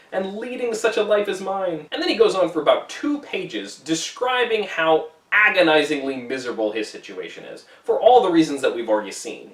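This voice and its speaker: A male teacher explains a classic novel with plenty of enthusiasm, his voice fairly high and swinging widely up and down. It sounds like a roomy, echoing space, and he is some distance from the microphone. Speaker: English teacher. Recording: roomy echo, away from the mic.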